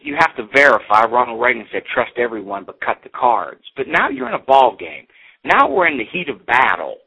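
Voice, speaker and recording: A man's voice: on the low side, gravelly, husky. A middle-aged man giving a motivational pep talk in emphatic, punchy short phrases. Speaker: motivational speaker. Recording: phone-like radio broadcast.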